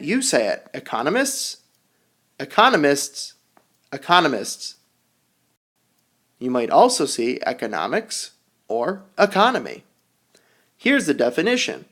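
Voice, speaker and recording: A man teaching English vocabulary, leading a call-and-repeat drill with slow, exaggerated enunciation. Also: fairly high pitch. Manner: animated, sing-song teacher delivery. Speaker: ESL teacher.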